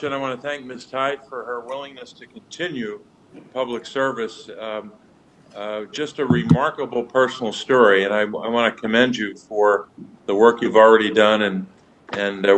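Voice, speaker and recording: Senator speaking over a video link. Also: male voice, medium pitch, fairly even intonation, a bit bright, slight background noise, rough recording. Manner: formal, deliberate, with restarts. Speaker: senator questioning a nominee. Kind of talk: hearing remarks and questioning. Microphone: remote video link.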